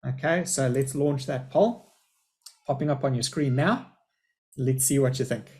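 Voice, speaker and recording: A man's voice: medium pitch, a little slow, a little mellow. A middle-aged man, a school principal, giving a chatty, upbeat live webinar presentation over a video call.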